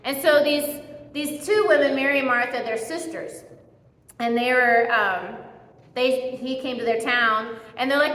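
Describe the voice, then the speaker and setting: A woman giving a casual, conversational sermon in a church, telling the story in a chatty and animated way. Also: sits high, unhurried. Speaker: speaker giving a church message. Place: church hall. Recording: echoey hall with long reverb.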